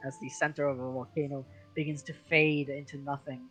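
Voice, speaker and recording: A game master narrating a tabletop game in a casual, halting way, with many fillers. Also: medium pitch, little pitch movement, a bit bright, faint music behind, rough recording.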